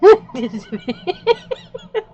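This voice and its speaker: A woman's voice: very high-pitched, sing-song, drawn-out words, warm tone, lo-fi sound. A woman hosting a casual vlog, chatting and telling stories while laughing often. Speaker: vlogger host. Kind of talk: casual plan-with-me vlog chat.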